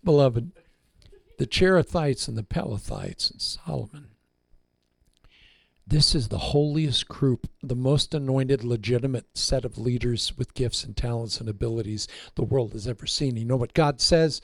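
Gravelly, playful man preaching. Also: medium pitch, moderate pace, no room sound. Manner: dramatic, playful storyteller. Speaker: pastor. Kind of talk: sermon.

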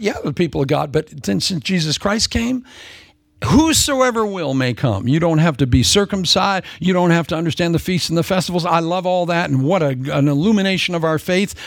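Male preacher, lively sermon, gravelly voice, dry close sound. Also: fairly high pitch, no echo. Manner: playful, joking asides, acts out voices.

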